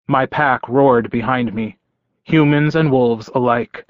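Male audiobook narrator, even and plain, dry muffled recording. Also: medium pitch, takes it slowly, no echo. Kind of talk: first-person fiction narration. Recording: dry, dull close-mic recording.

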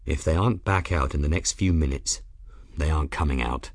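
A man's voice: low voice, a bit bright, no echo, clean studio sound, pitched below the performer's own voice. A man voicing Grimm, a stern captain. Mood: grim. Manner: clipped, measured, formal. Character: stern, controlled male airship captain.

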